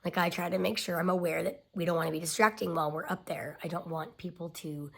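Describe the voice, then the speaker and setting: A woman's voice: lowish voice, steady tone, fast talker, creaky, a bit bright, husky. A woman in her thirties telling a personal family story in a confiding way, often dropping to a near-whisper.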